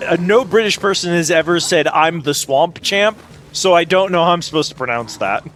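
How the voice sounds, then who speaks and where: A man's voice: high voice, animated, fast talker, fairly bright tone, faint music behind. A man giving sarcastic, joking commentary while he streams a game, swearing freely. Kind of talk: casual gameplay commentary.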